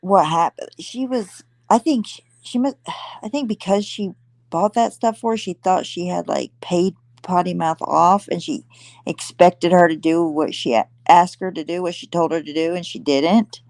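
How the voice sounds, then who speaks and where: A woman joining a casual livestream chat, musing slowly and trailing off mid-thought. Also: fairly low pitch, darkish tone, dry recording.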